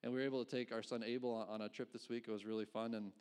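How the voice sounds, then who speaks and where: A middle-aged pastor preaching in an easy, conversational way. He tosses out rhetorical questions and gives small chuckles between his points. His voice sits at an ordinary middle pitch for a man. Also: flat delivery, rapid-fire, darkish tone, clean tone. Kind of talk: sermon.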